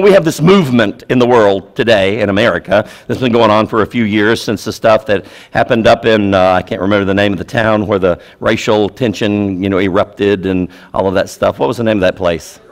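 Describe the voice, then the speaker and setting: A man preaching a sermon as pastor, repeating key phrases and swinging between loud urgency and quiet, low emphasis.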